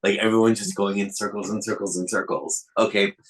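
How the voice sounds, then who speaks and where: A man's voice: lowish voice, steady tone, fairly quick, rough recording. A man hosting a casual chat, musing aloud in a reflective way.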